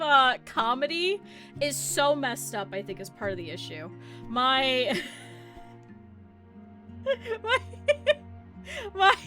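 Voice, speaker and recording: Female game streamer, high and bright tone, chatty and tangent-prone, laughs often. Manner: rambling, giggly storytelling on tangents. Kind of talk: casual live gameplay chat.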